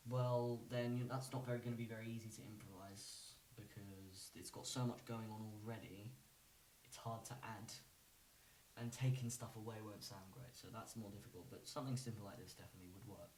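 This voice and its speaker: A man giving a casual music lesson, relaxed and rambling, with lots of fillers and restarts. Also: fairly low pitch, a little fast, slight background noise. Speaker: music teacher. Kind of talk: casual instructional talk. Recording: roomy, from a distance.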